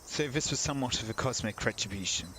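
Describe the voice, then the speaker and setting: A man's voice: mid-range voice, expressive, fast, bright, forceful tone, slight background noise, poor audio. Man reading game narration with wry asides. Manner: reads narration, breaks off into wry comments. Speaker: let's play host. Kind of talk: reading game text aloud with casual asides.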